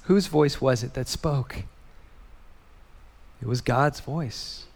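A man's voice: medium pitch, takes it slowly, creaky. A man preaching a sermon as pastor, emphatic, repeating key phrases and asking rhetorical questions, in a church sanctuary. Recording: long hall reverb.

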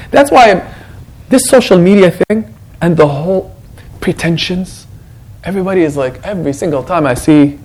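A male imam delivers a Quran reflection talk to a congregation at normal speed, his high voice rising and falling a great deal. He is animated and conversational, often acting out the voices of those he quotes, and the recording quality is low.

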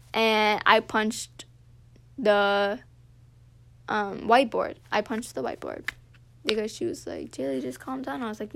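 A seventeen-year-old girl hosting a podcast, telling a school story in a casual, animated rant full of "like" and swearing. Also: a little high, measured pace, vocal fry. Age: teens. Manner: animated, heavy use of "like", swears freely. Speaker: podcast host.

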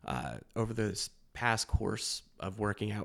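Man, podcast guest, lowish voice; blunt, profane, laughs a lot. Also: expressive, measured pace, creaky, a bit bright. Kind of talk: candid podcast conversation.

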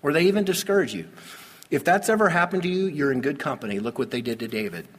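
A man with a slightly husky voice preaches a sermon, swinging between calm explanation and sudden loud, forceful emphasis. His voice rings out with a long reverb, as in a large hall. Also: a little high, quick pace. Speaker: pastor.

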